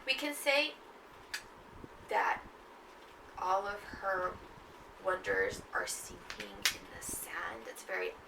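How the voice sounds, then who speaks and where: A woman's voice: medium pitch, wildly swooping pitch, takes it slowly, gravelly, pauses often. A woman from Texas teaching a poetry class in a conversational way, often checking in with "okay?" and "right?". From Texas, USA. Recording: echoey room, distant mic, noisy.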